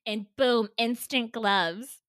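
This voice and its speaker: A woman co-hosting a comedy podcast with her sisters, hamming it up like an over-eager product seller. Her voice is bright and forward. The sound is dry and close. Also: takes it slowly, no room sound. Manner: animated, playful pitch-person exaggeration. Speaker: podcast co-host. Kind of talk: comedic sibling banter.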